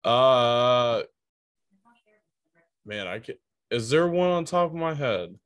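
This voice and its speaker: A man co-hosting a casual chat, reacting with quick jokes. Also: mid-range voice, expressive, smooth, no room sound, clean studio sound. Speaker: podcast co-host.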